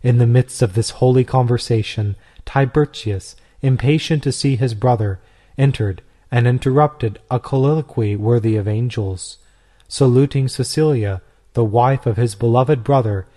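A man narrating an old devotional story in a measured, solemn reading. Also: mid-range voice, warm tone. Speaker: audiobook reader. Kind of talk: scripted narration.

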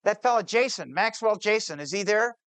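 A man's voice: high-pitched, animated, a little fast, a bit bright, clear, resonant tone, no echo, pitched above the performer's own voice. Man voicing an earnest small-time builder. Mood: uneasy. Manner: earnest, pleading under pressure. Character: anxious hopeful male builder, earnest.

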